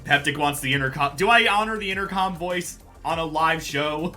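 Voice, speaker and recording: Man, esports caster, casual blunt banter, very bright tense tone. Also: fairly high pitch, normal speed, faint music behind. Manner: casual, blunt, swears freely. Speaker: esports caster and stream host. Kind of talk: live esports casting banter.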